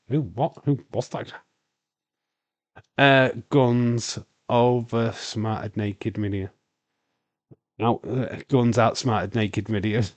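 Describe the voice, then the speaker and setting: A man's voice: medium pitch, darkish tone, no echo. A man with a Yorkshire accent hosting a casual wrestling watch-along stream, rambling on and answering chat questions with lots of fillers.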